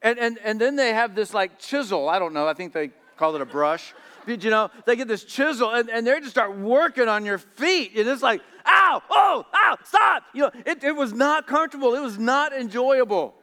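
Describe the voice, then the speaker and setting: Guy preaching, high clear voice, keeps repeating words, echoey church. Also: lively intonation, fairly quick, hardly any pauses, a bit bright. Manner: storytelling, repeats words often. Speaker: pastor. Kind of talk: sermon. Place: church hall.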